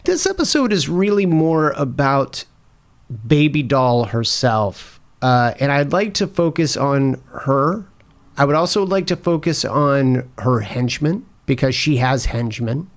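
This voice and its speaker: A podcast host asking measured questions of a co-host. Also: mid-range voice, big pitch swings. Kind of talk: podcast discussion.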